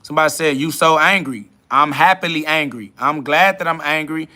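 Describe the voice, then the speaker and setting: A man's voice: fairly high pitch, brisk, bright, forceful tone. A man hosting a livestream, answering chat comments in a combative, dismissive way and swearing a lot. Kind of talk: profane spiritual livestream rant.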